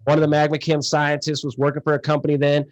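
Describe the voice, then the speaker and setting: A man talking casually as a podcast guest, telling animated stories and acting out the conversations he recounts. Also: a little high, fast talker, no echo, rough recording. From USA. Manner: animated storyteller, acts out quoted exchanges, laughs often. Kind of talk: casual interview chat.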